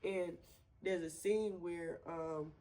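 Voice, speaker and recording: A woman being interviewed about her twin brother, talking in a loose, chatty way with lots of laughter, and going soft and quiet when she says she misses him. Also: lowish voice, fairly even intonation, slow, rough recording. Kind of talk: casual interview.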